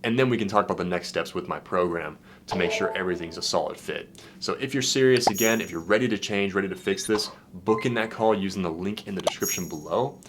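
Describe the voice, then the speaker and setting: A young man, a dating coach, talking casually to camera in an excited, slangy way, swearing and saying "dude" a lot. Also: deep voice, quick pace, background noise. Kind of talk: casual vlog, reacting to a client's messages.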